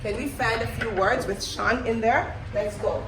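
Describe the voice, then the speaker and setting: A woman teaching a lively phonics lesson to children, upbeat and coaxing call-and-response answers. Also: a little high, a little slow, background noise. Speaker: reading teacher. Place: classroom. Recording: echoey classroom from far off.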